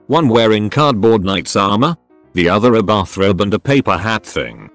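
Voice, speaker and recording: A man with a fairly low voice reads stories aloud in a plain storytelling way, his pitch moving a lot. The recording is close and dry. Faint music plays underneath. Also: no echo. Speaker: narrator. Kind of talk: reading online stories aloud.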